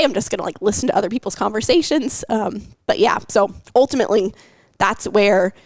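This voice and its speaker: A young adult woman health coach talking openly about her anxiety in a podcast, emotional and halting, with many fillers. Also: medium pitch, creaky, dry recording. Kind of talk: personal podcast talk.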